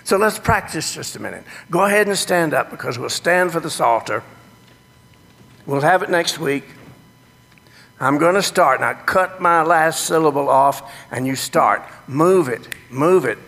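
A man, a pastor teaching his congregation about worship in a sermon, animated with folksy exclamations, in a church sanctuary. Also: a little high, normal speed, creaky. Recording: echoey sanctuary reverb.

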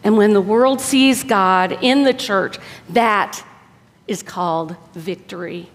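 A woman preacher giving an earnest, exhorting sermon, often dropping soft for emphasis. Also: medium pitch, slow pace. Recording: long hall reverb.

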